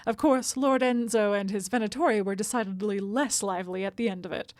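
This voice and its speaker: A woman's voice: medium pitch, brisk, no room sound, close to an everyday voice. A woman reading out the letters of a sly, flirtatious male elf assassin in her own plain voice, without any accent.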